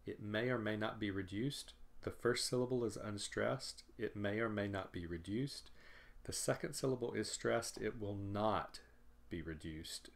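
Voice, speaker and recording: Male teacher, slow and careful, lowish voice, explains and repeats examples; recorded lecture. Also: gravelly. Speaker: pronunciation teacher.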